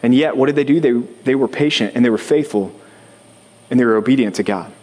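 A man's voice: medium pitch, quick pace, darkish tone. A man preaching a sermon as pastor, talking conversationally, putting questions to the congregation and building to rising intensity.

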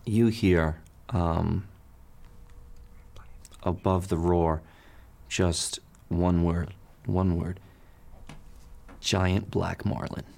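A man running a tabletop game as game master, narrating in a halting way with many restarts. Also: low voice, fairly even intonation, gravelly, a little mellow.

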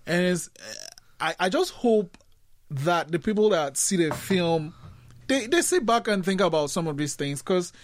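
A high-pitched man asks questions with eager, wandering enthusiasm, piling up fillers. The sound is close and dry. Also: lively intonation, a little slow, no echo. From not from Canada. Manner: enthusiastic, rambling, filler-heavy. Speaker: interviewer. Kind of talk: interview conversation.

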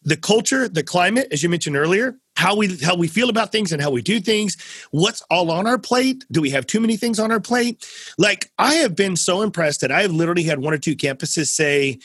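A man hosting a casual conversational interview, an animated storyteller who acts out quotes with big swings in his voice. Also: high-pitched, brisk, slightly rough, no echo, studio quality. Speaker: podcast host.

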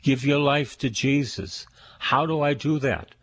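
A man's voice: medium pitch, measured pace. A male priest preaching fervently, repeating phrases for emphasis. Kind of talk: radio sermon.

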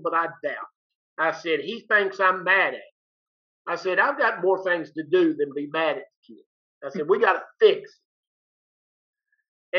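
An older man, a retired teacher, telling a story in a folksy, plain-spoken way and acting out both sides of each exchange. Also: high voice. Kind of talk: casual storytelling. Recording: dull lo-fi recording.

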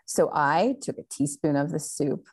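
A woman's voice: low voice, moderate pace, a little mellow, breathy edge. A woman guest on a faith talk show, telling a story animatedly and laughing often.

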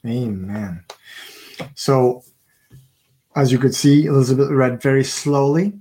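A man co-hosts a Christian broadcast in a loose, informal way. He often stalls and starts his sentences over. His pitch is ordinary for a man. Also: mellow. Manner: hesitant, many fillers and restarts. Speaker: co-host. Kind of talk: casual chat on a Christian broadcast.

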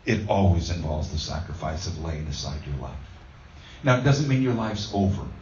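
This pastor has a very deep, darkish voice with lively intonation and a moderate pace, plus a little hiss or hum in the audio. He tells a self-deprecating story full of fillers in a conversational sermon, recorded with roomy, distant, dull sound.

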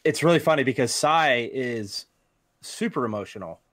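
A man's voice: mid-range voice, lively intonation, moderate pace, a bit bright, dry recording. A man in his thirties co-hosting a podcast, telling stories in a dry, laid-back way. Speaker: podcast co-host. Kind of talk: casual chat.

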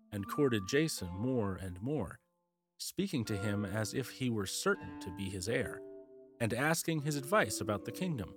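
A man narrating a classic fairy tale as the host of a storytelling podcast, in a measured storyteller's delivery. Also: medium pitch.

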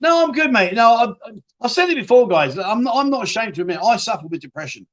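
A man's voice: very high-pitched, expressive, quick pace, fairly bright tone, lo-fi sound. A man hosting a casual live-stream chat show, reading out viewer comments and answering them bluntly, swearing freely and restarting his sentences often.

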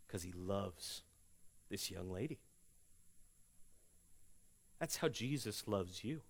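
A man preaching a sermon as a pastor in a church, earnest, rising to loud emphatic peaks and dropping to hushed, tender stretches, ending in prayer. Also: fairly low pitch. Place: church sanctuary.

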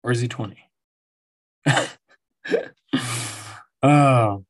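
He speaks extremely slowly at a medium pitch. A podcast host in his forties, he sits at home delivering a rambling, profane monologue full of stories and frequent laughs.

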